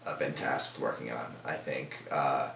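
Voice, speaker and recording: A man's voice: extremely low pitch, fairly even intonation, measured pace, creaky, fairly bright tone, slight background noise. A young man talking casually in an interview, rambling with many fillers and restarts, in an office. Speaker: team member guest. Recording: echoey room from a distance.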